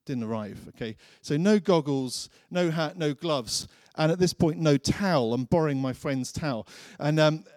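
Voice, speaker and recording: Man, preacher, chatty storytelling sermon, slightly high voice, dry sound. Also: normal speed, hardly any pauses, darkish tone, no echo. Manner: chatty storyteller, acts out his own thoughts.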